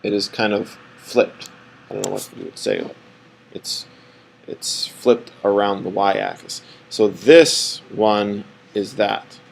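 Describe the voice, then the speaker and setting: A man's voice: on the low side, huge pitch swings, takes it slowly, gravelly, low-quality recording. A man teaching a math lesson, rambling and correcting himself as he draws on the board. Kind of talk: classroom lecture.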